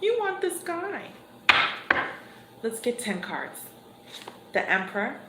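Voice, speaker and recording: Woman, tarot reader on a livestream, slow and chatty; roomy, noisy recording. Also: on the high side, very animated. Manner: unhurried, conversational, chuckles between cards. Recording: echoey room with background noise.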